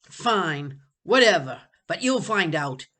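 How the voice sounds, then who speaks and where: A woman's voice: lowish voice, sing-song, slow pace, sharp tone, pitched above the performer's own voice, exaggerated voice. A woman voicing a scornful, bossy boy who speaks with disgust and gives orders, in a storybook reading. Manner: disgusted and commanding.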